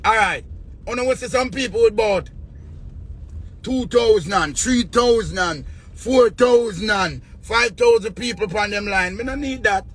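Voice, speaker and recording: A man's voice: sits high, normal speed, fairly bright tone. A man with a Jamaican accent, rambling and swearing in a casual rant to his viewers. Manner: rambling, repetitive, swears often.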